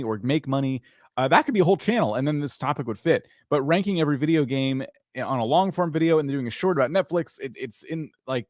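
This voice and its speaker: A man hosting a live-stream of channel reviews, giving opinionated critiques with jokes and animated asides. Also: a little high, no room sound, clean studio sound.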